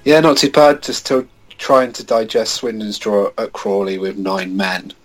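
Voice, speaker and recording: A man, a guest on a football podcast, giving his opinions in a relaxed, casual way. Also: lowish voice, a little slow, low-quality recording.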